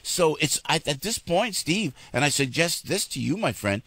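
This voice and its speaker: A man's voice: a little high, normal speed, dry recording. A man hosting a radio show, talking emphatically and repeating his points. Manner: animated, emphatic, repeats phrases. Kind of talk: heated talk radio conversation. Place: radio studio.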